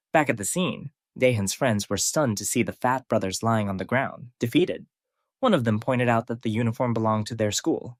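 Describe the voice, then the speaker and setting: A man in scripted narration, retelling a comic story in an even, matter-of-fact way. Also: mid-range voice, moderate pace, no room sound, clean studio sound.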